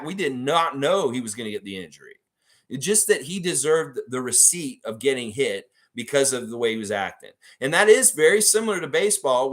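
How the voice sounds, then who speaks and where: A man with a somewhat bright, high-leaning voice hosts a casual live stream. He reads viewer comments aloud and rambles through his thoughts, often restarting.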